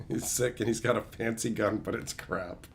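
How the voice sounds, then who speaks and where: A man's voice: on the low side, normal speed, a little hiss or hum. A man streaming live, chatting with viewers and ranting with a lot of swearing. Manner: profane, animated ranting; answers viewer chat. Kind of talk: casual livestream chat.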